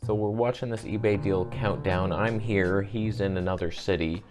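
A camera YouTuber tells a story in a casual vlog, speaking at normal speed with few pauses. He's animated, acting out quoted dialogue with big jumps in pitch.

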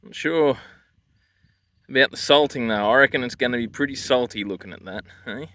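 Crude bright-voiced Australian bloke. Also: male voice, medium pitch, brisk. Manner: crude, swearing, larrikin banter. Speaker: drink and food reviewer. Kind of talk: crude casual vlog commentary.

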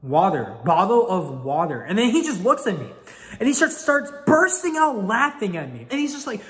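A frustrated young man in his late teens vents about an embarrassing story, his pitch swinging widely as he swears and pleads. His voice trails into a long reverb. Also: fairly quick. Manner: exasperated, swearing, animated. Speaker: vlogger. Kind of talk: casual storytelling.

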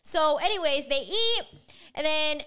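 A woman hosting a podcast, telling a story in a fast, profane, animated casual chat. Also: high-pitched. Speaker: podcast host.

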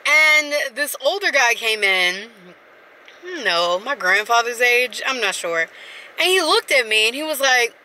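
A woman with a drawl talks casually to her camera, rambling from one thought to the next. Her voice sits a bit high and sounds bright and forceful. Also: a little hiss or hum. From South Carolina. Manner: rambling and chatty, talks straight to viewers. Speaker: vlogger. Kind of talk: casual vlog chat.

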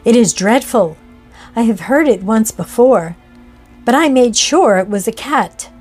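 A woman's voice: a little high, expressive, measured pace, a little mellow, soft background music. A woman reading aloud, voicing a frightened, fretful male innkeeper in an old ghost story. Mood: dismayed. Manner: fretful, wailing.

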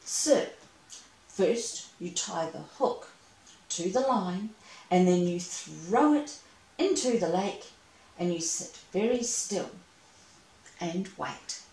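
A woman's voice: fairly low pitch, animated, mellow, roomy sound, far from the mic, low-quality recording. A woman voicing a patient, courteous male elephant who teaches fishing in a storybook. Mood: instructive. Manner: courteous, instructive, measured.

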